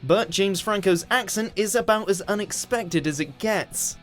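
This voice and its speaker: A man's voice: high voice, a little slow, fairly bright tone, soft background music. A British man narrating a countdown list in a dry, sardonic scripted delivery.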